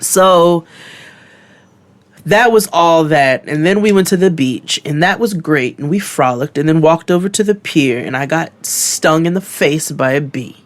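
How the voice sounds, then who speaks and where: A podcast co-host spinning a wild story, cussing freely and jumping into the voices of everyone involved. His voice sits a little higher than most men's, and he talks with real energy. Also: unhurried. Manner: animated, profane, acts out quotes. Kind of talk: casual storytelling.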